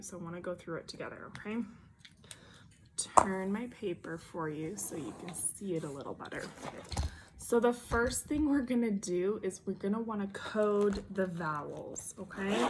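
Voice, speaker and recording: A woman teaches a phonics lesson to young children, slowly sounding out each letter and word. Her voice sits at an ordinary middle pitch and her tone stays patient and encouraging. A faint hiss runs under the recording.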